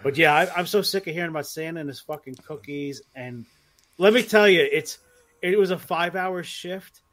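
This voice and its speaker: A man co-hosting a podcast, telling animated, profane stories in casual chat. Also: on the high side, moderate pace. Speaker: podcast co-host.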